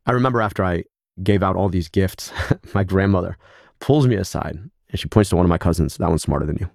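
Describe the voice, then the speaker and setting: A man's voice: low voice, fairly quick, gravelly, a little mellow, no echo, studio quality. A man from the United States, a guest in an interview, telling reflective stories and acting out quoted dialogue. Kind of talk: conversational interview.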